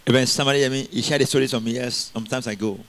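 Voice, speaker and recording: A man preaching a sermon in an animated way, asking the congregation questions and laughing often. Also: medium pitch, rapid-fire.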